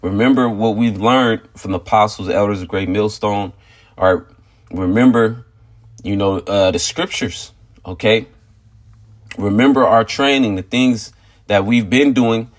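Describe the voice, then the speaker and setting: Man, lowish voice, informal spiritual testimony, rambling storyteller, filler-heavy, emphatic. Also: normal speed. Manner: rambling storyteller, constant "you know" fillers; emphatic, repeats "okay" and "all right" to drive points home. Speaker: religious teacher sharing a testimony.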